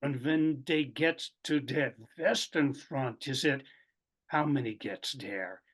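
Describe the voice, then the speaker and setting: A man reading aloud in a put-on Russian accent, voicing an excitable Russian man who tells his tale in broken English with questioning asides. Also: medium pitch, takes it slowly, husky. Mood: animated storytelling.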